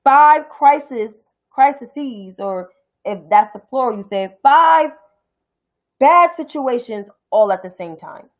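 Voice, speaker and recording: A woman's voice: mid-range voice, expressive, a little slow, poor audio. A young adult woman from New York City with a New York accent, giving a blunt, profane, heated political rant on her own stream. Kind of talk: ranting political commentary.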